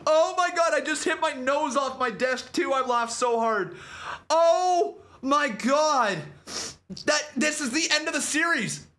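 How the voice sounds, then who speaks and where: Male stream host, very high and bright, excitable shouting play-by-play, unhurried delivery. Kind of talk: live-streamed play-by-play commentary on a simulated wrestling match. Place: at a desk.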